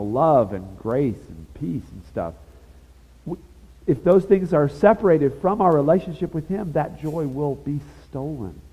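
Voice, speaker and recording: A man preaching with a slightly high, husky voice, moving between emphatic declarations and relaxed, chatty asides. The recording is dull and lo-fi, and long reverb trails behind his words. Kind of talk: sermon.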